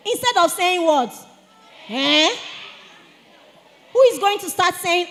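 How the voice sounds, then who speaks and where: A woman giving a lively etiquette talk to teenagers at a church retreat, calling on the audience to answer. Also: extremely high pitch, takes it slowly, long pauses. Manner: animated, asks the audience to respond. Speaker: speaker at a teen church retreat. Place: church hall. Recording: long hall reverb.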